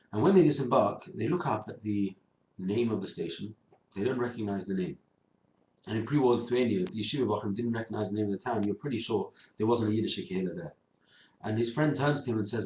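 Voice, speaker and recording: A man giving a talk on the weekly Torah portion, telling a story and acting out the dialogue with lively emphasis, recorded on a webcam. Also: mid-range voice, slight background noise. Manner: animated storyteller, acts out dialogue in quotes. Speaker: Torah teacher. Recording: lo-fi roomy webcam sound.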